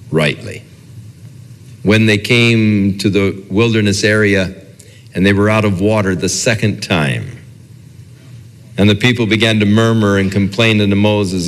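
A man's voice: on the low side, long reverb tail. A man preaching a sermon as a pastor, talking conversationally and acting out the quoted dialogue.

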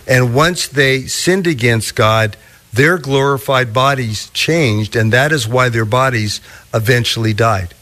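Male pastor, sermon delivery, unhurried and emphatic, middle pitch. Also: fairly bright tone. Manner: slow, deliberate preaching with drawn-out emphasis.

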